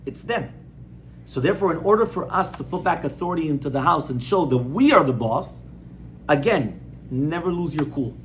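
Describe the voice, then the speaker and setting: A man's voice: fairly high pitch, lively intonation, moderate pace, slight background noise. Man teaching a class, conversational and firm. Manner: conversational, repeats points, asks audience rhetorical questions. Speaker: rabbi giving a class. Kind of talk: informal Torah class on parenting.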